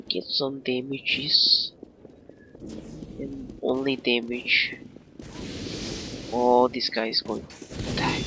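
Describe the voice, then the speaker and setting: A man's voice: medium pitch, slight background noise. A man doing let's play commentary in a put-on Russian accent. He speaks broken English and brags and giggles through it. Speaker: gamer. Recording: game gunfire loud behind voice. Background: shooter game sounds and gunfire.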